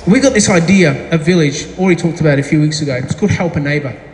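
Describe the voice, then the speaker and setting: A man's voice: a little high, fast talker, a little hiss or hum. A middle-aged man preaching a sermon as pastor, telling a story chattily with self-deprecating asides. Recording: echoey hall with faint ambience.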